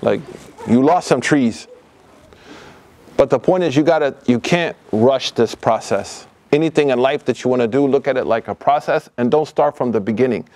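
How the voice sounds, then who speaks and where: Man, middle-aged, informal religious lecture to youth, casual slang, mid-pitched voice, lively delivery, mosque hall. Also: a little fast, hardly any pauses. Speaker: lecturer at a youth study circle. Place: mosque hall, live audience.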